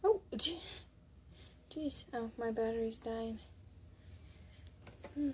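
A woman's voice: on the high side, slow pace, pauses often, a little mellow, a little hiss or hum. A woman vlogging on her phone at home, chatting and coaxing her pet rats at their cage. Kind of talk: casual vlog talking to pet rats. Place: indoors at a rat cage. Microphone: phone held up while filming.

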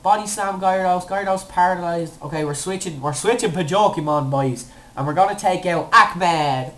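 A young woman commentating her own gameplay, excitable, with squealing cheers and playful made-up words. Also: fairly low pitch, normal speed. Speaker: let's play gamer.

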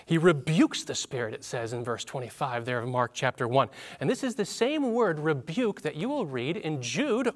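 A man's voice: a little high, lively intonation, moderate pace, hardly any pauses. A man teaching a Bible lesson on a church panel, reading scripture and explaining it in a conversational way with light humor and questions to the audience.

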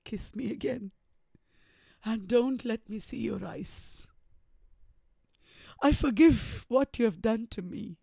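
A woman's voice: fairly high pitch, takes it slowly, vocal fry, long pauses, warm tone, no echo, clean studio sound, full character voice. A woman with an Indian English accent reading the part of a tormented, grieving man in an impassioned dramatic reading. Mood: bitter.

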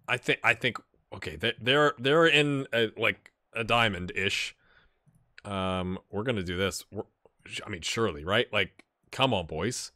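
A man hosting a gaming channel, giving excitable let's-play commentary, cheering on his players and thinking out loud. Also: a little high, dry recording, clean studio sound. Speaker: video game channel host.

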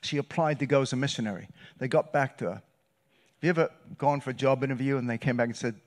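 A man preaching a sermon as a guest pastor, telling a story with loud bursts and hushed, quiet passages. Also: mid-range voice, fast. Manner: animated, shifts between loud bursts and hushed retelling. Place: church sanctuary.

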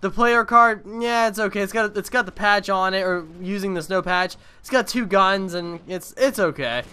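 A man's voice: high voice, normal speed, sharp tone, smooth. A young man giving casual gameplay commentary on his own video, rambling and swearing freely. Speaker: gaming video creator.

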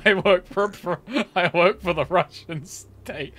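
Casting: high, bright-voiced male streamer, crude and jokey. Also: measured pace. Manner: swears a lot, laughs often, playful. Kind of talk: casual let's-play banter.

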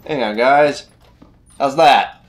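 A man's voice: medium pitch, slow. A man hosting a let's play, joking and cursing as he reacts to a horror game. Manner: joking, profane, reacting aloud. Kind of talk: casual gaming banter.

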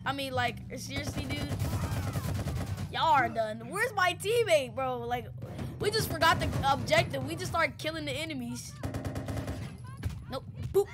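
A woman giving excitable, slangy gameplay commentary, shouting and joking at her teammate. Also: high voice, measured pace, long pauses, music in the background. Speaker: gaming YouTuber.

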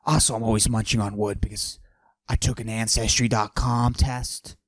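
A man doing a cocky macho character who forces his voice deep and breathy, in a comedic podcast monologue. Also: steady tone, moderate pace, no room sound, natural voice. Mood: swaggering. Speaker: podcast host.

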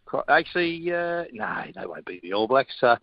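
Wry Australian guest on a dull line. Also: male voice, mid-range voice, very animated, moderate pace, dry recording. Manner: wry, dry humour. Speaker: radio guest, breakfast host. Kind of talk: casual radio banter.

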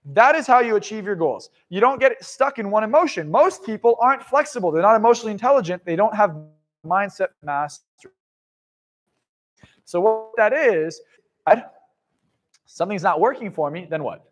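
A man giving a live motivational seminar talk to an audience, blunt and profane, swinging from loud outbursts to hushed asides. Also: high voice, animated, moderate pace. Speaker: motivational speaker.

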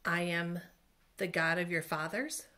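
A woman voicing God as a commanding male voice in a children's Bible story, speaking in slow, solemn pronouncements. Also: on the low side, fairly even intonation, pushed and bright, pitched below the performer's own voice.

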